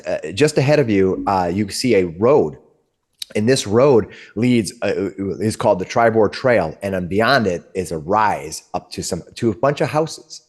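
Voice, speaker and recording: A man's voice: fairly low pitch, a little mellow. A man narrating as game master, describing scenes in a meandering, searching way. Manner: descriptive and meandering, with frequent restarts.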